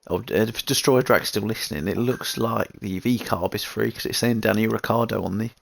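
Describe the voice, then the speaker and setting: A man still recovering from a kidney infection gives relaxed, wandering commentary on an online racing league, reading out chat messages along the way. His fairly low voice is brisk and creaky, and the recording is dry.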